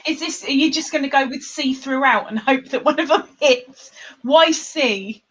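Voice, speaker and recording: A woman's voice: high voice, a bit bright. A woman hosting a live stream in casual chat, playful and laughing often. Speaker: livestream host.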